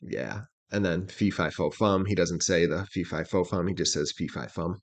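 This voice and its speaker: A man hosting a reaction channel. He explains rap lyrics line by line in a casual way and keeps asking "right?" and "you know what I mean?". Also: deep voice. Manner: reads quoted lyrics slowly and deliberately.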